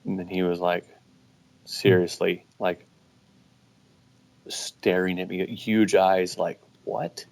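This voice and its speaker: A man, a guest business owner, telling stories in a relaxed, casual way with many restarts. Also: low voice, slow pace, gravelly, long pauses. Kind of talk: casual storytelling.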